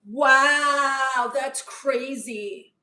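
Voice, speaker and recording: Using a full character voice that is high, pushed and bright, and speaking very slowly, a woman comedian improvises on a livestream. Her character is a bratty, self-obsessed teenage streamer who reads viewers' comments aloud and dismisses them snarkily.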